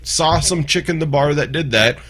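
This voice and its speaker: A man's voice: a little high, normal speed, fairly bright tone. A man hosting a podcast, ranting bluntly and with plenty of profanity in casual chat. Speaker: podcast host.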